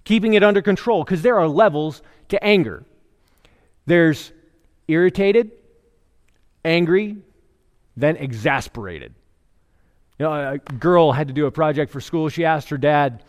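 A middle-aged man delivers a conversational sermon, with a slightly higher-than-usual voice. He tells stories and jokes to make his points, and the sound carries a long reverb from a large sanctuary. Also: moderate pace, pauses often, clean tone. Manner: conversational preaching with joke storytelling. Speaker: pastor.

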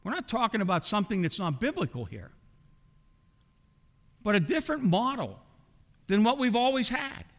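A man's voice: sits high, sing-song, moderate pace, pauses often, fairly bright tone. A middle-aged man preaching a sermon as a pastor, asking the congregation rhetorical questions. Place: church sanctuary. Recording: long hall reverb.

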